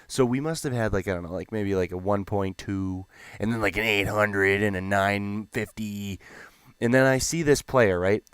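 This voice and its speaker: A young man telling a gaming story in a rambling, animated, profane way. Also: fairly low pitch, moderate pace, smooth, no echo. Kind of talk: casual storytelling.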